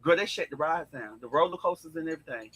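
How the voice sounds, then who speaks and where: A man with a husky yet bright, slightly high voice. He chats in a sassy, dramatic way, calling people girl and honey, and trades quick lines in the talk. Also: expressive. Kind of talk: casual chat.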